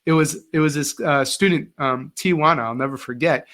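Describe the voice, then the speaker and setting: Animated storytelling man, slightly high voice. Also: normal speed. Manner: animated, acts out quoted voices. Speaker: guest, former teacher. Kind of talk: casual interview storytelling.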